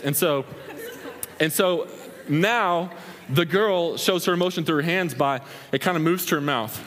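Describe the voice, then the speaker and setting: A man's voice: high voice, moderate pace. A young man preaching a sermon in a large hall, acting out scenes as he tells stories. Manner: animated storytelling, acts out scenes with hand gestures. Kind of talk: sermon with acted-out examples. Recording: long hall reverb.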